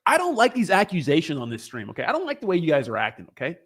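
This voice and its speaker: A man's voice: on the high side, huge pitch swings, rapid-fire, fairly bright tone, husky. A young man hosting a crypto livestream, chatting casually with viewers in a rambling, profane, joking way.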